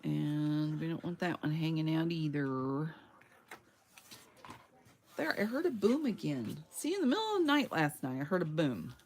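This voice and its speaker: A slow-talking woman chats casually with her viewers while she works on a craft kit at home. Her voice has a gravelly edge and swings widely in pitch. A faint hiss sits under the recording. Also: big pitch swings, darkish tone. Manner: chatty, talks to herself while working. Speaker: crafting livestreamer.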